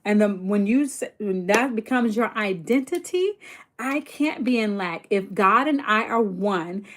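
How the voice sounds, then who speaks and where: A woman hosting a casual livestream about mindset and income, chatty and rambling with many fillers, growing excited and emphatic. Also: medium pitch, a little slow. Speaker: online business coach hosting a livestream.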